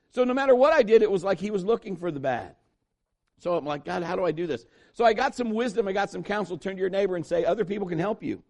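A middle-aged male pastor with a high voice, preaching with lots of energy. He tells stories and acts out the people in them, and he moves quickly between plain teaching and quoted voices. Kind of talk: sermon.

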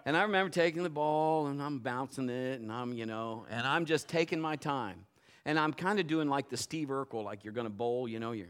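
A middle-aged pastor delivers a sermon full of folksy personal stories, moving between quiet asides and loud, emphatic points. His voice is mid-range and clean-toned, and he speaks fairly quickly.

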